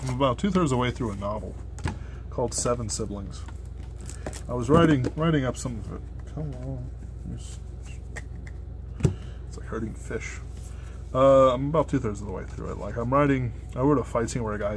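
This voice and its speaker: A young man talks casually at a mid pitch while he opens card packs. His chat rambles and is full of fillers, and he curses when a pull annoys him. Faint room noise sits under his voice. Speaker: card unboxing host.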